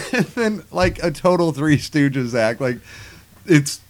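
A man's voice: fairly high pitch, slow. A man in casual chat, retelling a movie scene by scene, acting out the lines and swearing as he laughs along. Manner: animated, acts out scenes, swears, laughs a lot.

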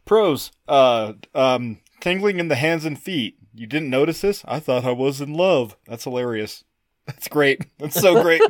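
A man co-hosting a podcast in casual chat, a bit drunk, loud and giggly, swearing freely. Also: mid-range voice, lively intonation, unhurried, no echo, studio quality. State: tipsy from drinking. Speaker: podcast co-host.

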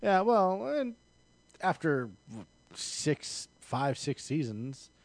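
A man's voice: on the high side, big pitch swings, drawn-out words, dry recording. A man co-hosting a casual podcast chat, explaining things eagerly. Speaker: podcast co-host.

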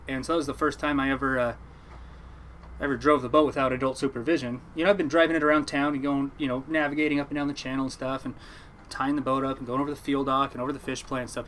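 A man's voice: medium pitch, slight background noise. A young man, a commercial fisherman from the Oregon coast, telling a story in a casual interview and acting out the other people's voices as he goes. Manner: animated storyteller, acts out quoted voices.

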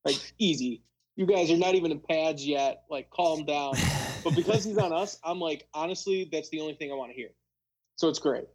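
A man's voice: a little high, a little fast, darkish tone, low-quality recording. A young man chatting casually about football as a podcast co-host, rambling with lots of fillers. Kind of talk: casual sports chat.

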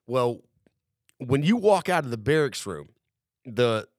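A man's voice: medium pitch, big pitch swings, a little slow, no room sound, studio quality. A young man telling a long, profane story in a rambling way among friends on a casual podcast. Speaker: podcast host.

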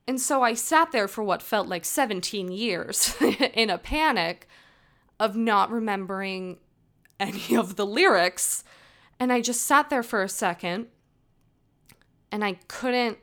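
A woman's voice: medium pitch, fairly bright tone. Young woman rambling through a story. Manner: rambling, earnest, self-correcting. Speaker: podcast host. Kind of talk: personal storytelling.

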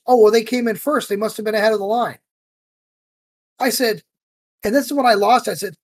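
A man co-hosting a podcast, telling a story with lively, heated acted-out quotes. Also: sits high, a little fast, pauses often, no room sound. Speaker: podcast co-host. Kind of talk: casual chat.

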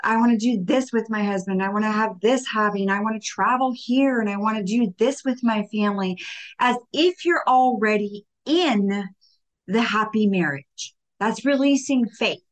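A woman's voice: mid-range voice, moderate pace. A young adult woman hosting a faith-based motivational talk, chatty and informal, full of "like" fillers and acted-out bits of dialogue. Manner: conversational, many "like" fillers, acts out little dialogues. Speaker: podcast host.

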